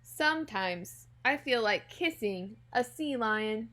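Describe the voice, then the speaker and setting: A woman teacher reading a children's picture book aloud, gently and expressively, talking directly to young listeners. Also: a little high, lively intonation, slow pace. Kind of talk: children's storybook read-aloud.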